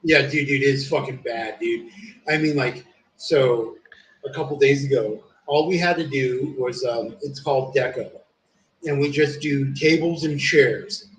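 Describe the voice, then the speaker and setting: A man's voice: mid-range voice, measured pace. Profane rambling man in an echoey room. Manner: rambling, profane storytelling with many fillers. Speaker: streamer. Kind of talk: casual chat. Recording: echoey room with faint ambient noise.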